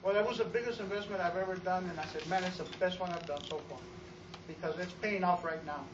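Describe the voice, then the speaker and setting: A man gives an energetic testimonial to a live audience about running his store, telling stories with acted-out quotes and often repeating words. His voice is high and fast, and the sound is roomy, distant and dull against a noisy background.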